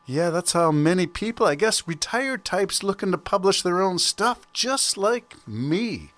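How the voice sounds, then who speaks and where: A man's voice: high-pitched, very animated, a little slow, fairly bright tone, no room sound. A man in his sixties hosting a casual solo podcast from home, chatty and rambling, with self-amused asides. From Canada. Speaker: podcast host. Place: home during a thunderstorm.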